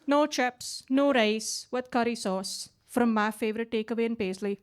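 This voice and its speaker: On stage in a basement comedy club, a stand-up comedian in her late twenties from India chats through her set into the mic, tacking "right?" onto her lines. She has a twang and a slightly high voice, moving at a moderate pace.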